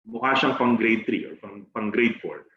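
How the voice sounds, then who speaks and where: A man's voice: on the low side, lively intonation, normal speed. A man with a Filipino accent, a music teacher trainer, explaining a lesson step by step. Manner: explains step by step, chants and sings example words. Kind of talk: teaching a music lesson, Tagalog-English mix. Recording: roomy, dull lo-fi sound with faint noise.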